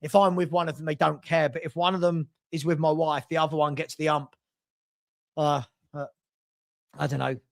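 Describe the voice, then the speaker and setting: A man's voice: a little high, fairly even intonation, normal speed, creaky, long pauses. A middle-aged man from South London with a London accent, hosting a casual live-stream football chat and reading out scores and viewer messages.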